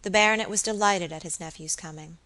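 A woman narrating a Victorian novel as an audiobook, in a measured storytelling manner. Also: fairly low pitch, pushed and bright.

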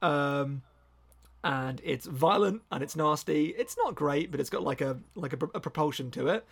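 A man chatting casually on a podcast, his rambling, enthusiastic talk full of restarts and self-corrections. His voice sits a little high for a man and has a gravelly edge. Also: expressive, normal speed. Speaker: podcast co-host. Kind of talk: casual chat.

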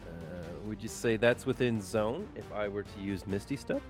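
A man's voice: on the low side, normal speed, soft background music. A man playing a tabletop game, chatty and thinking aloud. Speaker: player. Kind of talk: casual tabletop play.

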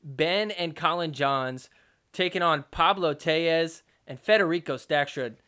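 Excitable bright-voiced man recapping pickleball. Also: on the high side. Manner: excitable, jokey, mock-quotes players. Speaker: podcast host recapping pickleball matches. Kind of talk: casual commentary over match footage.

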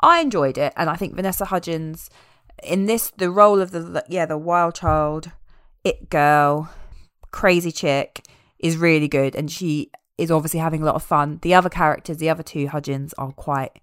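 A woman chatting casually as a podcast co-host, animated and amused as she recaps a film. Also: low voice, moderate pace, clean tone, no room sound, clean studio sound. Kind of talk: casual chat.

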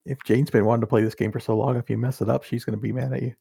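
A man's voice: medium pitch, level tone, racing, gravelly, noisy background. A man chatting as a tabletop game player, joking and chuckling. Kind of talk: casual chat.

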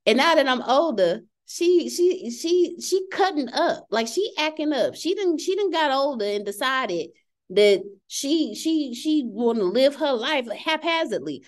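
Animated woman host, lively storyteller. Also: measured pace. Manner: animated storyteller, acts out quotes in shifting pitch. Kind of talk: casual chat.

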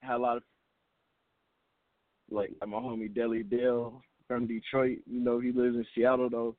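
A man's voice: medium pitch, little pitch movement, moderate pace, dry recording. A man calling in to a radio show as a hip hop artist guest, laid-back and polite, with many fillers. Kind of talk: phone-in interview. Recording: dry phone line.

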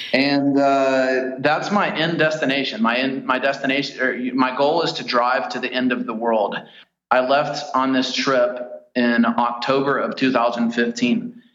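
Man from the US, guest on a podcast, relaxed storyteller, dull roomy line. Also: medium pitch, a little slow. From United States. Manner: easygoing storyteller, chatty and detailed. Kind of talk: casual interview chat.

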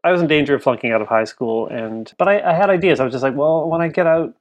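On a podcast, a man in his thirties co-hosts casual storytelling chat, recounting a family story in a rambling, emotional way packed with "like." He talks rapid-fire with lively intonation at medium pitch, and the audio is muffled.

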